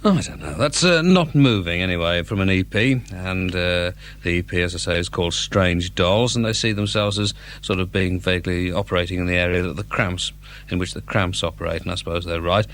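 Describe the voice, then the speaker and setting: Deep-voiced wry radio DJ. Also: male voice, a little fast, fairly bright tone, a little hiss or hum. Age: 40s. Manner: wry, rambling, self-deprecating. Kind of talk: casual radio links between records.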